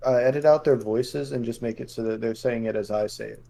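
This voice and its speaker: Teen boy, podcast co-host, low gravelly timbre, sarcastic. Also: fairly even intonation, brisk, warm tone. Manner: wry, teasing, laughs often. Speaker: student presenter. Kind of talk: casual class project podcast.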